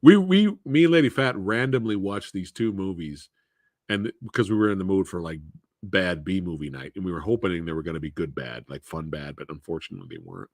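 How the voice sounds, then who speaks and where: A man's voice: deep voice, animated, fairly quick, darkish tone, no room sound, studio quality. A man hosting a live movie Q&A stream, chatting casually, laughing often and swearing freely.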